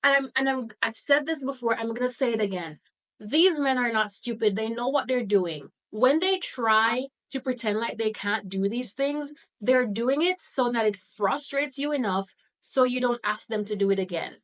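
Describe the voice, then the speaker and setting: Brief: woman, fast blunt rant, slightly higher voice, exasperated tone. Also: a bit bright, poor audio. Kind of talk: opinion rant.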